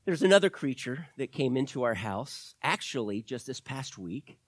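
A man preaching a sermon as pastor, telling personal stories with animated quoted voices. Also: mid-range voice, moderate pace, no echo, clean studio sound. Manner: storytelling with animated quoted voices, rising and loud at peaks.

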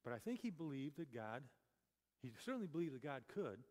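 A man's voice: a little high, very animated, fairly quick, a little mellow. A man preaching a conversational sermon, chatty and full of rhetorical questions and self-corrections. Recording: long reverb of a large hall.

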